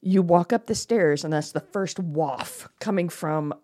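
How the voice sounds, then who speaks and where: A middle-aged woman co-hosting a casual podcast over wine, animated and quick to laugh. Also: lowish voice. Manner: animated, laughs often, bursts of excitement. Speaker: podcast co-host.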